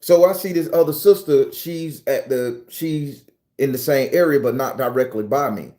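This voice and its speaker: A man's voice: mid-range voice, normal speed, mellow. A man streaming live, telling a story in loose, profane casual talk, sweaty after a workout. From United States. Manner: loose and profane, laughs often, talks to chat by name. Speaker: vlogger.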